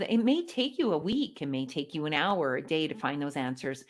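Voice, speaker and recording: A middle-aged Canadian woman, a former news anchor, telling her career story in a keynote with lively, polished delivery. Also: fairly low pitch. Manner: lively storytelling, animated emphasis. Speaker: keynote speaker. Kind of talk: motivational keynote speech.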